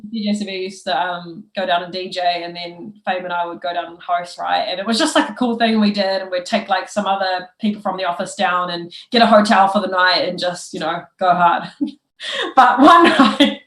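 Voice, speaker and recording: A woman's voice: lowish voice, moderate pace, fairly bright tone. Chatty New woman, echoey room. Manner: laughing storyteller, lots of fillers. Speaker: guest. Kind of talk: casual podcast chat.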